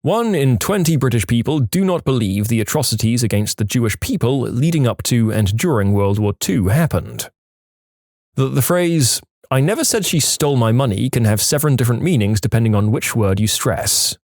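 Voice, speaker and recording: A man reading online posts aloud with wry, sarcastic asides in an animated, lively way. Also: mid-range voice, moderate pace, dry recording, studio quality.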